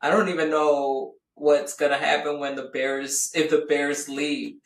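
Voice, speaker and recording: A woman from Chicago co-hosting a podcast in casual chat, animated and quick to laugh and mimic people. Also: low-pitched, echoey room, poor audio. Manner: animated, laughs often, mimics others' voices. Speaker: podcast co-host.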